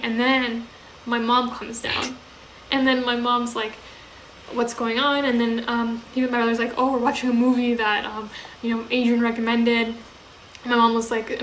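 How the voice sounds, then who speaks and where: A woman's voice: fairly high pitch, fairly bright tone. A young woman co-hosting a podcast, telling a story through laughter in casual chat, full of likes. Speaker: podcast co-host. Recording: roomy echo, faint hiss.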